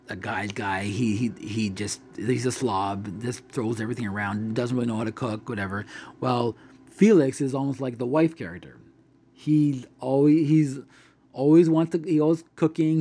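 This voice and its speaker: A man chatting casually about an old comedy film, halting with many restarts and fillers. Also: medium pitch, vocal fry, warm tone, husky.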